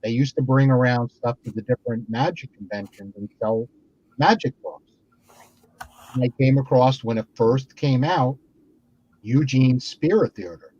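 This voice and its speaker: A man's voice: unhurried, husky, lo-fi sound. A man in a casual video-call chat, telling a long story and acting out other people's words in a livelier voice. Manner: animated, acts out quoted people in higher voices. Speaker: guest magician.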